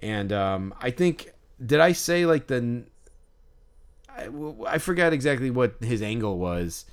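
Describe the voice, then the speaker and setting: A man's voice: medium pitch, expressive, a little slow, clear, resonant tone. A man co-hosting a podcast, telling a story in a loose, rambling way with lots of fillers and restarts and casual swearing. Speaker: podcast co-host. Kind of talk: casual chat.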